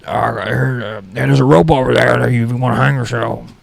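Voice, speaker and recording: A man's voice: medium pitch, fairly even intonation, brisk, vocal fry, no echo. A man voicing a crazy old male roommate who whines stubbornly about parking his car, in an improvised comedy bit. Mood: fussy. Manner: stubborn, petty, whiny insistence.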